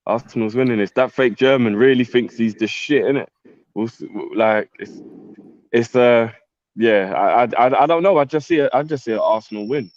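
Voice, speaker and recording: A man dropping into a football chat from outside, slangy and halting as he argues his pick. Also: mid-range voice, darkish tone, no room sound, highs cut off. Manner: slangy, halting, confident opinions. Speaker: guest co-host. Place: on the move, joining by phone.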